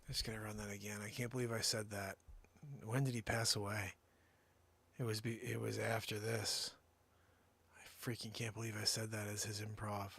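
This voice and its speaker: Gravelly, husky man hosting a stream. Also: lowish voice, moderate pace, pauses often. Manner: excitable, self-amazed, sometimes whispered. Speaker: host. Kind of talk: live-stream comedy chat.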